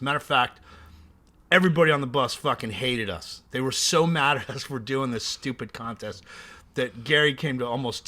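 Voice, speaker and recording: A man guesting on a podcast, telling crude tour stories in a lively, casual way. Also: mid-range voice. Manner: crude, animated storyteller. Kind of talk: casual chat.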